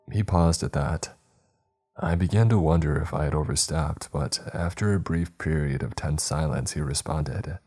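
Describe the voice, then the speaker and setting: Very deep-voiced man narrating horror. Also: normal speed, slightly rough. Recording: soft music bed.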